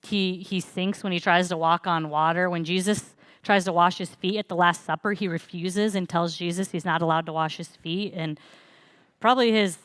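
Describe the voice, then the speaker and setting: Young female pastor, low-pitched, chatty sermon delivery, dry close sound. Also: a bit bright, no echo. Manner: conversational, storytelling with frequent fillers. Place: church.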